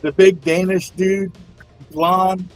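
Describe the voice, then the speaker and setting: A man's voice: high voice, flat delivery, slow, soft background music, rough recording. A man in a casual group chat, chiming in with short anecdotes.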